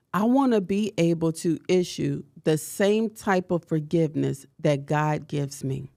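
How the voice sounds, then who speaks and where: A woman's voice: sits low, a little slow, gravelly, hardly any pauses, dark tone, dry recording, clean studio sound. A woman podcast host giving an impassioned motivational talk, preacher-like, repeating her lines and confessing.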